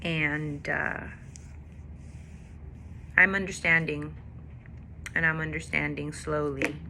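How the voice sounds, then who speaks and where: A woman's voice: low voice, steady tone, takes it slowly, creaky, sharp tone, slight background noise. A woman with a daughter telling a candid, emotional faith testimony in a personal vlog. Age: adult with a daughter. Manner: candid, confessional, emotional storytelling. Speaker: faith vlogger.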